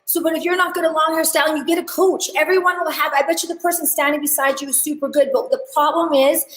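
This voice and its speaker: A high-voiced woman leads a live online class in a chatty, animated way, calling on viewers in the chat. Her voice carries the echo of a roomy space. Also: quick pace. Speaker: hair educator.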